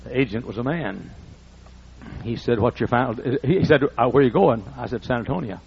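A man's voice: mid-range voice, animated, brisk, vocal fry, a little hiss or hum. An older man preaching a folksy storytelling sermon. He acts out the dialogue in raised voices. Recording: muffled lo-fi recording.

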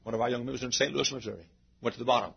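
A man preaching a sermon to his church, repeating phrases and rising into shouted climaxes. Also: medium pitch, very fast, gravelly, slightly rough. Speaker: pastor. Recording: dull lo-fi sermon recording.

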